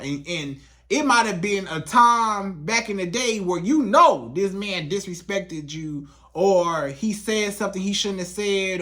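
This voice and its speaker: A man's voice: high-pitched, a bit bright. Man giving repetitive, emphatic relationship advice. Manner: repetitive, emphatic, acts out quoted lines. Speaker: relationship coach. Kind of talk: casual advice monologue to camera.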